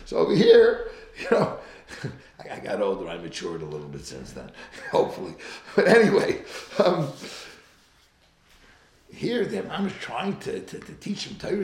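A middle-aged man giving an animated storytelling sermon, acting out voices and laughing often as he mixes in Hebrew and Yiddish terms. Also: mid-range voice, normal speed, creaky. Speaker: rabbi giving a Torah talk. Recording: echoey room.

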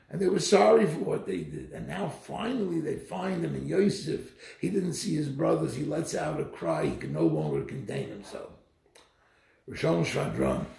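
A man giving a Torah lecture, telling stories in an animated, emphatic way, recorded in an echoey room. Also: fairly high pitch, vocal fry. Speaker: Torah teacher.

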